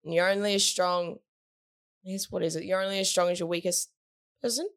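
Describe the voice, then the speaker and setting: A woman's voice: on the low side, fairly even intonation, fairly quick, clean tone. Upbeat woman, team captain. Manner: upbeat, with frequent "like" and "yeah" fillers. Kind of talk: casual interview chat.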